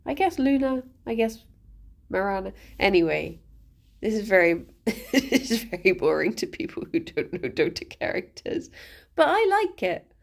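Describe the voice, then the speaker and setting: A woman's voice: mid-range voice, sing-song, moderate pace, gravelly. A woman streamer chatting casually, rambling and giggling often as she talks.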